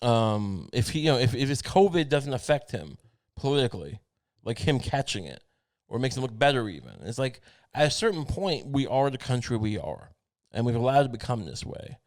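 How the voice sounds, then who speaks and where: A man hosts a comedy podcast in a loose, profane rant full of restarts. His voice sits at a plain middle pitch. The sound is dry and close. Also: sing-song, brisk, no room sound. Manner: profane, rambling, many restarts. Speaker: podcast host.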